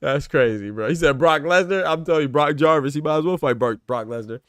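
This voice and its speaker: A congested man runs a casual boxing podcast at a quick clip, circling back over his own words. His voice is close and dry, with no room around it. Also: fairly high pitch, a bit bright, smooth, no echo. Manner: rambling, repeats words, talks to chat. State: stuffed up. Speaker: podcast host.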